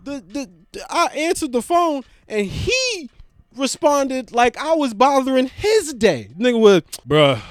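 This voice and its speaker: A man telling a comedic rant, dropping into low put-on voices when he mimics others. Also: sing-song, unhurried. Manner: exaggerated, swings into low put-on voices for callers. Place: indoors at home.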